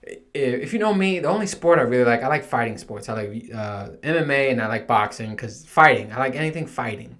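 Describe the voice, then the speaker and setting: A man's voice: medium pitch, lively intonation, a little fast, a bit bright. Thirtysomething guy rambling solo on his podcast, swears a lot, jokes at his own expense. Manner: profane, rambling, self-mocking. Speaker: podcast host. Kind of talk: casual monologue.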